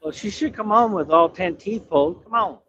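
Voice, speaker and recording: A man's voice: high-pitched, fairly quick, sharp tone, dull audio, a little hiss or hum. A man driving a truck and chatting casually on a livestream, profane, laughing and telling stories. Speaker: truck driver.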